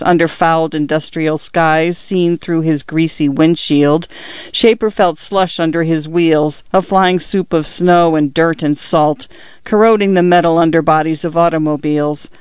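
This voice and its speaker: A man narrating a literary novel as an audiobook, in a measured, expressive reading. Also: a little high, clear, resonant tone, no echo, lo-fi sound.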